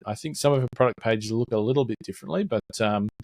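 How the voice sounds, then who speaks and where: A man's voice: on the low side, fast talker, darkish tone, no echo, clean studio sound. A man hosting a podcast, talking through a website in a loose, conversational way with lots of fillers and little acted-out sales exchanges. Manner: conversational, filler-heavy, acts out salesperson dialogue. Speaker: podcast host. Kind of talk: casual business podcast teardown.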